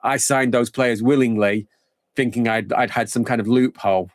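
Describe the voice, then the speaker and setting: A man's voice: mid-range voice, steady tone, moderate pace, no room sound, clean studio sound. A man streaming a football management game live, thinking aloud in a rambling, casual way.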